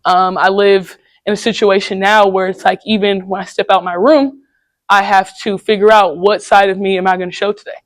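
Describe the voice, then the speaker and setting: A young woman giving a candid, casual personal talk to high school students in a classroom, telling stories in slangy everyday speech. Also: level tone, moderate pace, no room sound. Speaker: guest speaker at a high school.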